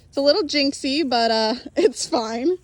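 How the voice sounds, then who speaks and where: Filmed on a handheld phone, a young woman gives a casual walking tour of her farm, moving outdoors and into a barn. She's animated yet unhurried, chatty and upbeat, a bit out of breath, and calls to the animals in a high voice. Faint outdoor noise sits in the background.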